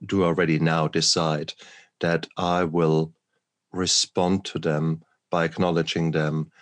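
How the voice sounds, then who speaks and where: Male guest, very deep voice, calm deliberate reflection. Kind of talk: reflective personal account of recovery.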